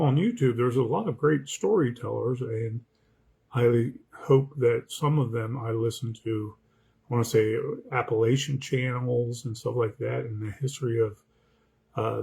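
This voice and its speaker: Raspy gravelly guy, author rambling about writing, keeps asking okay?. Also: medium pitch, darkish tone. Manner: rambling, repeats words, talks to the listener with "okay?". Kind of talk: casual talk on writing craft.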